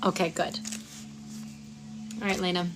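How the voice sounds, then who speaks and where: A woman hosting a live Reiki session outdoors. She chats with viewers, stumbles over their names, then gives soft, slow breathing cues. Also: lowish voice, flat delivery, background noise. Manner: chatty, reads viewers' names aloud and fumbles them. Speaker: Reiki practitioner and stream host. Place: outdoors at sunrise.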